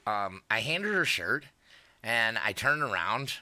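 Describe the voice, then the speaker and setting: A man's voice: mid-range voice, expressive, measured pace, pushed and bright, dry recording. A man telling a rambling, profane story in casual chat, laughing as he goes.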